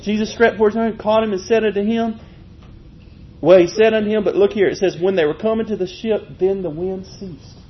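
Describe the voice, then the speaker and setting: High-voiced folksy preacher man, muffled. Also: brisk. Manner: folksy, animated preaching with chuckles. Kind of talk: sermon. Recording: muffled, low-fi with faint noise.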